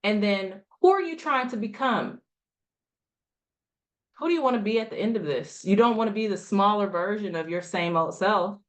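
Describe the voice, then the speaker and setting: A woman's voice: mid-range voice, normal speed. A woman coaching a group, speaking emphatically, asking rhetorical questions and repeating lines for effect. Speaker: health coach. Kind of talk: motivational coaching talk.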